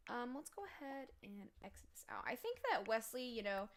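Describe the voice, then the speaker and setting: A woman's voice: fairly high pitch, big pitch swings, a little fast. A woman hosting a let's play, giving rambling gameplay commentary full of fillers.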